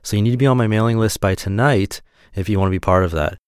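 A man hosting a podcast, reading a fairy tale aloud in a relaxed, friendly storytelling manner. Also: on the low side, fast, clean tone, no room sound, clean studio sound. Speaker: podcast host.

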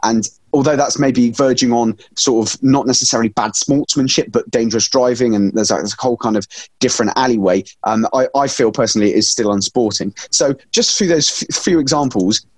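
Animated man telling stories. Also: medium pitch, no room sound. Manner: animated storytelling with comic put-on voices. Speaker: podcast co-host. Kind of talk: casual podcast chat.

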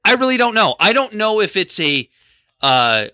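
A man co-hosting a casual talk podcast, his voice very bright and a touch high, with wide animated swings in pitch. He speaks in exasperated, fast bursts. The sound is dry and close. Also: dry recording. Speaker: podcast co-host. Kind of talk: casual political chat.

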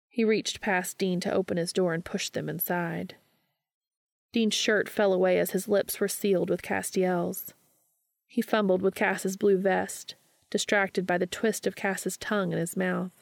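A woman narrating a fan fiction audiobook in a steady, unhurried storytelling manner. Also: on the low side, vocal fry, no echo, clean studio sound.

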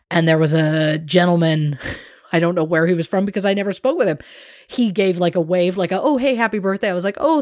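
A woman's voice: deep voice, dry recording, studio quality. A woman co-hosting a podcast, chatting casually and telling a story animatedly, acting out the other people in it. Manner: animated storyteller, acts out quoted voices. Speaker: podcast co-host. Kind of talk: casual chat.

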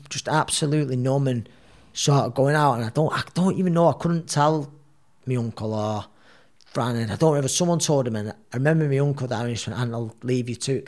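A man recounting an episode from his life, a working boxer talking loosely and at length. He restarts sentences and slips into the voices of the people he quotes. His pitch sits in the ordinary middle for a man. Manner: rambling, re-enacts dialogue. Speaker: professional boxer. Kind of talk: casual storytelling.

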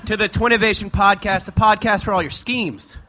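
A man hosting a live comedy podcast on stage, loud and joking, often shouting and out of breath. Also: high voice, steady tone, brisk. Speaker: podcast host. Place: live stage show in a venue.

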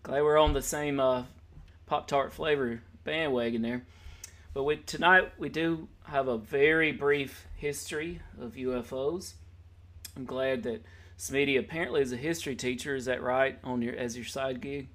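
A man's voice: mid-range voice, fairly even intonation, normal speed, fairly bright tone. Joking, rambling podcast host man. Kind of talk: casual podcast chat.

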